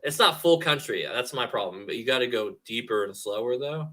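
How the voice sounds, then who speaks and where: A man co-hosting a casual streamed podcast, joking and animated, often slipping into quoted voices. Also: medium pitch, fairly quick. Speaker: podcast co-host.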